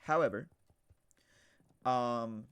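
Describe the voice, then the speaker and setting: Young guy on stream rambling thru a story, mid-pitch, restarts a lot, gets loud on punchlines. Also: extremely slow, smooth. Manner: rambling, animated, shouts quoted punchlines. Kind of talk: casual storytelling while gaming.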